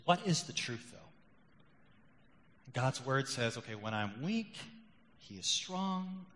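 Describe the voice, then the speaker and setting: A man's voice: medium pitch, animated, slow pace, slight background noise. Emphatic preacher man in a reverberant hall. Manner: emphatic preacher, rising loud on key points then dropping quiet and confessional. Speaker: pastor. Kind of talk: sermon.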